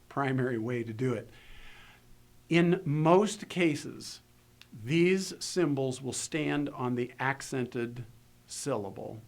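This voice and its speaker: A man giving a recorded lesson on grammar, explaining step by step in a measured way with pauses. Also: medium pitch. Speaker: Hebrew grammar instructor. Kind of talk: recorded lecture.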